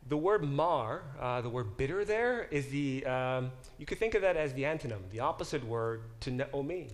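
A man of medium pitch leads a classroom Bible lesson, talking plainly to his students. He often stops to question the class and corrects himself mid-sentence. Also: expressive, normal speed. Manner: engaged, questions the class directly. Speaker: Bible professor teaching a class.

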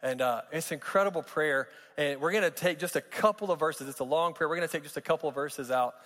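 A man's voice: fairly high pitch, fast, a bit bright. Male pastor, chatty preaching with jokes, echoing church hall. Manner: conversational, joking asides, frequent restarts. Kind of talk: sermon. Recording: long reverb of a large hall.

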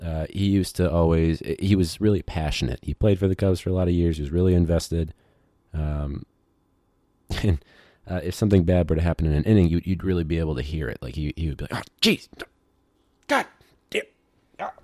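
A male high school teacher with a very deep, mellow voice talks through a loose, digressive podcast monologue, full of fillers and side stories. The recording is dry and close, with no room sound. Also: steady tone, a little fast, dry recording. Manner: rambling, digressive, many fillers.

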